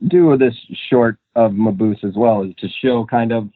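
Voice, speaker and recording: Over a thin, phone-like connection with no echo, a young male actor from Minnesota talks at a moderate pace in a medium-pitched voice. He's the guest in a relaxed interview, meandering through his answers with lots of fillers and laughs.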